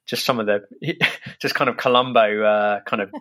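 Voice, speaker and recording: A man with an English accent talks in a low voice as a podcast guest. His speech is relaxed and halting, full of ums and restarts as he chats. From England. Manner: hesitant, many fillers and restarts. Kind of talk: casual interview chat.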